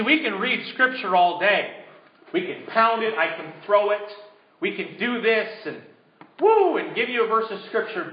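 A man preaching a sermon as pastor, building to emphatic peaks and dropping to hushed prompts for the congregation. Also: high voice. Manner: drops to a hushed voice leading a congregation. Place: church sanctuary. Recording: roomy, dull church recording.

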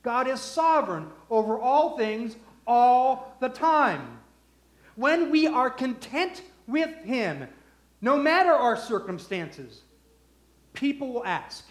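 Male preacher, emphatic sermon delivery, high pitch, echoey room. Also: big pitch swings, slow. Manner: emphatic, swinging from loud to hushed.

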